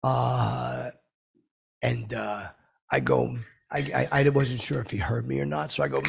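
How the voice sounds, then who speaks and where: A man's voice: medium pitch, steady tone, a little slow, gravelly, background noise. A man rambling through a comic story, stammering and repeating himself in a brash way. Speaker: comedy podcast host telling a story.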